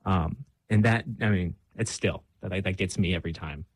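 A man's voice: low-pitched, moderate pace, slightly rough, no room sound. A young man telling his own faith story in a candid, self-deprecating way, full of fillers and restarts. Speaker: guest. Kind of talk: casual faith conversation.

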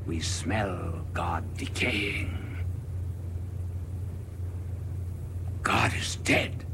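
A man's voice: mid-range voice, background noise, voice pushed up, lightly acted. A man doing a frantic madman crying out. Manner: cries out then drops to hushed whispers. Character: frantic madman with a lantern, male.

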